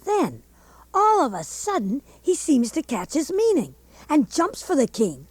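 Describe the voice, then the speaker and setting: A woman plays a folksy teenage boy who narrates a radio drama in a plain drawl. The voice sits a little high and moves with a lively lilt, recorded dry and close. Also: unhurried, dry recording, exaggerated voice. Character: folksy young teenage boy narrating his own tale.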